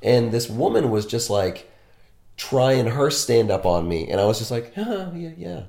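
A man's voice: medium pitch, lively intonation, a little slow, darkish tone. A man who works as a piercer, telling a candid, self-deprecating story in casual conversation. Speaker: body piercer. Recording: echoey room.

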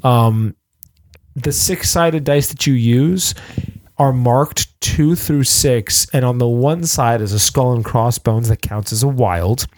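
A man co-hosting a casual podcast, walking through game rules at a middling pitch. He rambles and keeps restarting his sentences, filling gaps with little filler words. His voice sounds dry and close to the mic, with no room echo. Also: slow, a little mellow. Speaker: podcast co-host.

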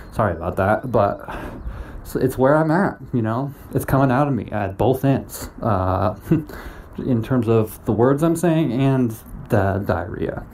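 A man records a rambling comedy podcast episode outdoors while walking, likely holding a phone. He talks slowly and playfully, breaking into giggles and silly sound effects. His tone is dark and mellow, with faint noise around him. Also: mid-range voice, expressive. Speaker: podcast host.

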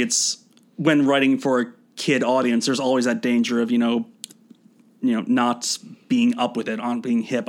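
A man co-hosting a casual podcast, talking through a film in a wry, rambling way. His voice sits at an ordinary middle pitch for a man. He pauses often with little fillers. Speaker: podcast co-host.

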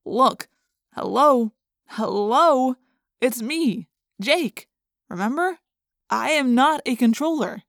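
A possessed teen boy, pleading and insistent, lifted a little in pitch, as a woman reader puts him on. The recording is dry and close. He pushes hard to sound normal. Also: animated, slow pace, pauses often, no room sound, exaggerated voice. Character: teen boy possessed by a parasite, faking innocence. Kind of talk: audiobook character reading.

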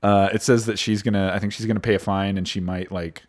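A man's voice: lowish voice, flat delivery, fast, a little mellow. A man hosting a podcast in a casual, easygoing way, often chuckling and using fillers. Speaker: podcast host.

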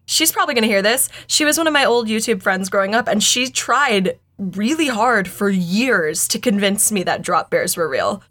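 A young woman co-hosting a podcast, chatting casually and playfully, quick to laugh. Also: medium pitch, pushed and bright. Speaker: podcast co-host. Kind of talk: casual chat.

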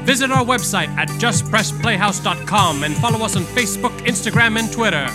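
High-voiced man reading show credits. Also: animated, fairly quick. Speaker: podcast announcer. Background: loud music.

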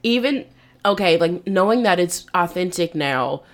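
A young adult woman from the United States, a podcast guest chatting casually, full of "like" fillers and quick laughs. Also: fairly low pitch, animated. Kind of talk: casual chat.

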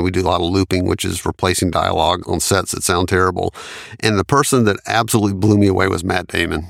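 Gravelly man telling studio stories. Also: deep voice, no echo. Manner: anecdotal, laughs often while recounting. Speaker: studio engineer and producer. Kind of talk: storytelling in an interview.

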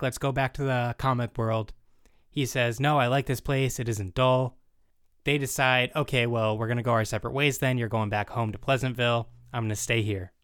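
Male podcast co-host, relaxed, laughs easily, casual recap, dry close mic. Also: medium pitch, clean tone, no echo. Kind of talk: casual chat recapping an episode.

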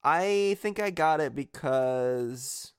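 A man's voice: on the high side, lively intonation, slow, clear, resonant tone, no room sound, clean studio sound. A man co-hosting a casual podcast chat about a video game, hesitant and often restarting, laughing easily. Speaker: podcast co-host.

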